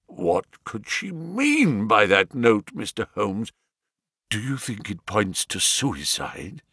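A man voicing a distraught, excitable middle-aged banker who breaks into high-strung outbursts, read as an audiobook. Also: slow pace, gravelly, husky, dry recording, studio quality, heavily acted. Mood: grief-stricken. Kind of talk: audiobook character reading.

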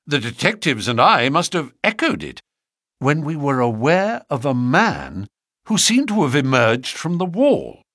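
A man reading a novel aloud as an audiobook narrator, with expressive storytelling. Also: medium pitch, husky, dry recording, studio quality. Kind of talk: scripted narration.

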